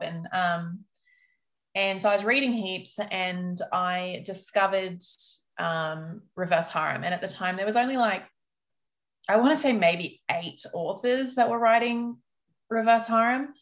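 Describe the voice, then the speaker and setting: Slow-talking woman losing her voice. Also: medium pitch. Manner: rambling, frank, lots of fillers and swearing. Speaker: author guest. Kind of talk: casual storytelling answer.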